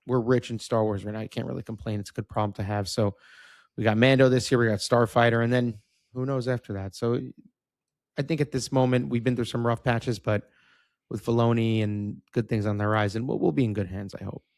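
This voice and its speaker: A man's voice: mid-range voice, fairly even intonation, a little fast, darkish tone, dry recording, clean studio sound. A man in his thirties co-hosting a podcast, chatting in an easygoing, agreeable way. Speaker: podcast co-host. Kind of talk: casual chat.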